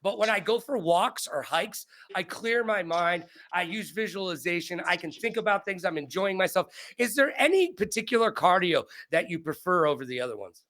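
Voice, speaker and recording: Hosting an interview, this forties-aged man keeps things playful and joking, tossing in animated asides during casual conversation. He speaks in a high voice at a moderate pace with few pauses.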